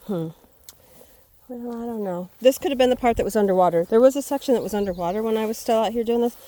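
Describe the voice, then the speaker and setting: A woman's voice: on the high side, fast, dark tone. A woman vlogging casually as she walks a wet hay field, thinking aloud and calling to her dogs. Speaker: homesteading vlogger. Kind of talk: casual walking vlog. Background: dogs and rural outdoor sounds.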